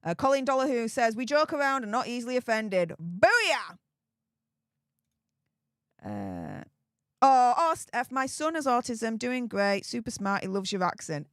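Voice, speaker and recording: A British woman hosting a live stream, chatting casually, laughing often and reading out viewer comments in a frank, animated way. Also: a little high, measured pace, dry recording, studio quality. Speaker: livestream host reading viewer chat.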